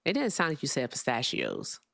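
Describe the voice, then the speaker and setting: A woman's voice: rumbling low, huge pitch swings, a little fast, creaky, fairly bright tone, no echo, clean studio sound. A woman hosting a live call-in debate show, blunt and sarcastic, now and then swearing. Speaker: host.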